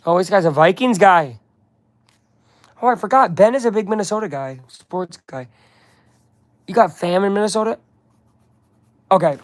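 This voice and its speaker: A chatty man on a live stream, talking casually and reading aloud between quick asides to his viewers. His voice sits a little high. The sound is dry and close, with no room echo. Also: expressive.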